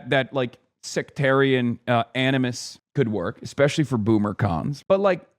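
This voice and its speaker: A man doing live-stream political commentary, swearing freely and ranting with loose sarcasm. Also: fairly high pitch. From United States.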